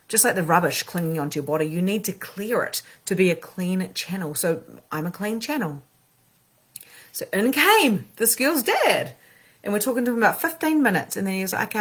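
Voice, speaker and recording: A woman, a spiritual coach and medium, talking casually and animatedly with slang, her voice swinging between loud and soft. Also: lowish voice, breathy edge. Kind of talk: casual motivational talk.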